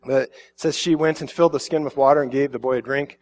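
A man's voice: medium pitch, fairly even intonation, fast. A middle-aged man preaching a sermon, reading scripture and then talking it through in a loose, conversational way, with restarts and voiced quotes. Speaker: pastor.

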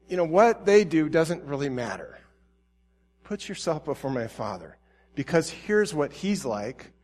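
Pitched fairly high, this preacher reads from scripture and gives voice to biblical characters during his sermon. He climbs to an impassioned, pleading pitch, then eases back into gentle tenderness.

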